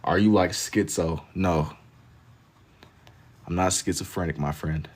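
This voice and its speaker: A man's voice: deep voice, steady tone, a little slow, darkish tone. A man chatting casually on a livestream while he draws, reading out viewer comments in a laid-back, slangy way and laughing easily. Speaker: livestreamer drawing on stream.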